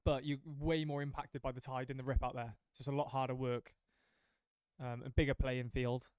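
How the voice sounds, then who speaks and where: A man commentating a surf contest in a casual, jokey way, chatty and quick to laugh. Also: mid-range voice, level tone, a little mellow, smooth, no echo.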